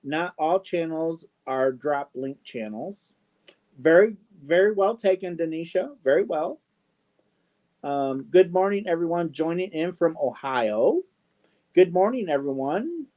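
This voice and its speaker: Slow, halting middle-aged male streamer. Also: a little high, a little mellow. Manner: slow, halting, many ums, affectionate asides. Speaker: live-stream host. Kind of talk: casual live-stream chat reading viewer comments.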